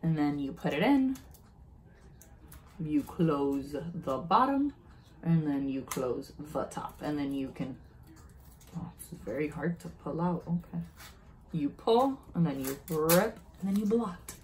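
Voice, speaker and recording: A woman's voice: sits low, lively intonation, takes it slowly, darkish tone, a little hiss or hum, rough recording. A young woman chatting casually while unboxing and trying on makeup, narrating each step and easily delighted. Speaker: beauty vlogger.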